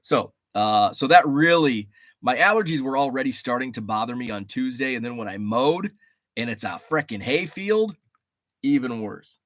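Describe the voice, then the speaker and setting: A man hosting a casual livestream, rambling and animated, greeting viewers from the chat, a bit stuffy from allergies. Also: medium pitch, normal speed, no room sound, studio quality. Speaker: livestream host. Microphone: studio mic.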